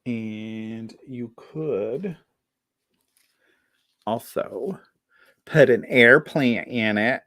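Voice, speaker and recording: Unhurried man with a tired morning voice. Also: mid-range voice, fairly bright tone, no room sound, clean studio sound. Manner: chatty, describing items. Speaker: live sale host. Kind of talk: casual live sale chat.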